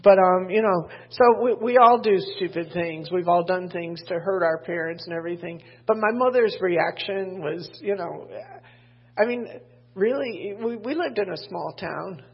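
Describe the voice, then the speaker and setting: A woman's voice: lowish voice, normal speed, slightly rough. An older woman preaching a sermon from a pulpit. She talks candidly, wanders off into personal stories with self-deprecating asides, and reads scripture aloud. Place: church pulpit. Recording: dull lo-fi sermon recording.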